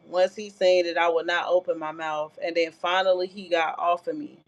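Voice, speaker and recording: A woman's voice: on the low side, flat delivery, fairly quick, few pauses. A woman vlogger telling a personal story in a casual, blunt, profane way, with frequent filler asides. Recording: dull lo-fi sound.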